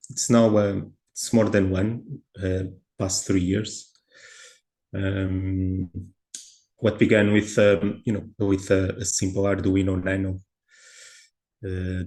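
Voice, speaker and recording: A man's voice: low voice, darkish tone. A man giving a presentation on a video call, hesitant and full of fillers and restarts. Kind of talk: online meeting presentation.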